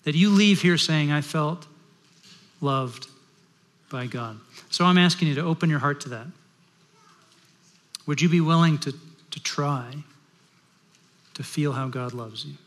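Pastor in a reverberant worship hall. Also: male voice, fairly high pitch, normal speed, long pauses. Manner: storytelling, shifting from loud to hushed. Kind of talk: sermon.

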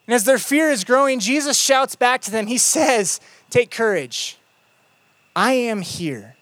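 A youth pastor preaching a sermon in a conversational storytelling way, with playful asides, lively retellings and quiet, emphatic moments. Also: medium pitch, unhurried, dry recording.

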